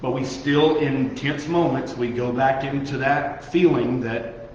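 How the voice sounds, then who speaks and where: A man's voice: medium pitch, fairly even intonation, unhurried, a little hiss or hum. A young man, leading a casual Bible teaching, questioning his listeners and joking about himself. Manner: conversational, asks the audience questions, self-deprecating humor. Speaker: youth pastor. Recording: echoey hall, muffled sound.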